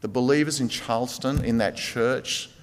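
A man preaching a sermon as a pastor, earnest, swinging from emphatic to very soft. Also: mid-range voice, fairly even intonation, moderate pace. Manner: earnest, rising to emphatic then dropping very soft. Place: church. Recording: reverberant church hall.

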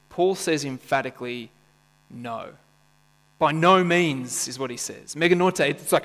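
A pastor with a slightly high, fairly bright voice preaches unhurriedly to his church. He jokes around and regularly asks the congregation questions in a conversational, playful way. Mains hum and a long reverb fill the church hall.

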